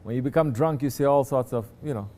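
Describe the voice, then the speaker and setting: Man giving a slow, chatty sermon. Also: mid-range voice, mellow. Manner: slow, conversational teaching with asides to listeners. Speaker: sheikh teaching disciples.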